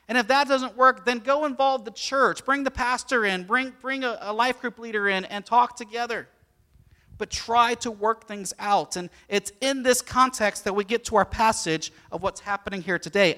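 A middle-aged male pastor with a high voice delivers an animated sermon, telling stories and putting questions to the congregation.

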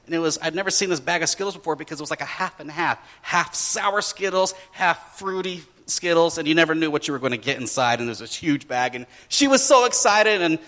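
A man preaching a sermon, telling a family story in an animated way and acting out his children's voices. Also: on the high side, fairly quick, hardly any pauses, in a large hall. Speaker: pastor.

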